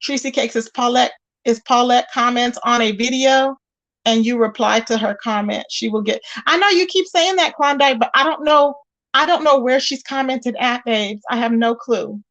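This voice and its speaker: A high-pitched woman hosting a gossip livestream in a casual, talkative way. She stays emphatic and greets her viewers by name between points. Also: normal speed, fairly bright tone. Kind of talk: casual live-stream chat.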